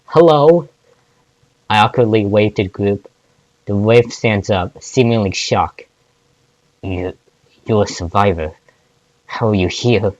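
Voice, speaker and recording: A man's voice: on the low side, a little mellow, no room sound, highs cut off. A man reading fan fiction aloud, often stumbling and restarting words. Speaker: fanfic reader.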